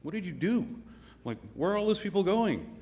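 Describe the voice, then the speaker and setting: A man voicing a weary, deadpan male gatekeeper saint in a joke, in an echoey hall. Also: medium pitch, fast talker, pitched above the performer's own voice, close to an everyday voice. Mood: exasperated. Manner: deadpan, exasperated.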